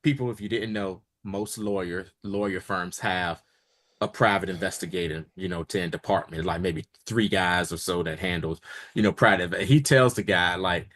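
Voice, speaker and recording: This podcast co-host has a deep voice and keeps a moderate pace. Recapping a TV episode in a casual, animated way, he performs the characters' lines along the way.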